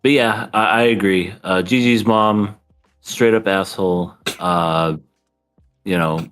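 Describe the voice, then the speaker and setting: Guy cohosting a podcast, slow and laughy, acts out scenes. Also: fairly low pitch, steady tone, a bit bright, faint music behind. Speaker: podcast co-host. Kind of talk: casual chat.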